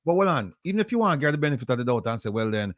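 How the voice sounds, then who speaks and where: A man's voice: mid-range voice, big pitch swings, very fast, no room sound, clean studio sound. A man with a Jamaican accent hosting a casual talk, insistent and argumentative as he directs the reading. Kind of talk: casual chat.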